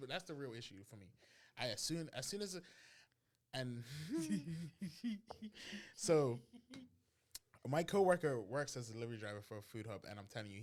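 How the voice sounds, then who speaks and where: Guy on a podcast just telling a funny story, super animated, plays out all the voices. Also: mid-range voice. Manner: animated storyteller, acts out dialogue, breaks into laughter. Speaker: podcast co-host. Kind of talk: casual storytelling chat.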